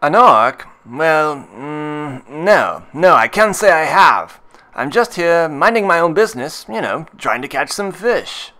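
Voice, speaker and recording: A man's voice: fairly high pitch, big pitch swings, slow pace, bright, forceful tone, pitched above the performer's own voice, full character voice. A man voicing a startled, nervous fisherman who dodges questions. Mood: evasive.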